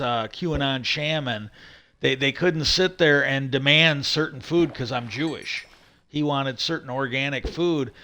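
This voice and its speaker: Rambling man with a bright voice. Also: mid-range voice, smooth. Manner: rambling, profane, many fillers and restarts. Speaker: streamer. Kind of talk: casual chat.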